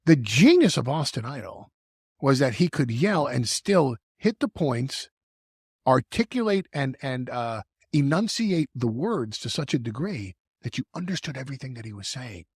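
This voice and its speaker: Gravelly, animated man on a podcast. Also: mid-range voice, normal speed, no echo, clean studio sound. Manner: animated, stumbling restarts, stretches words for emphasis. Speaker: wrestling manager guest. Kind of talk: podcast conversation.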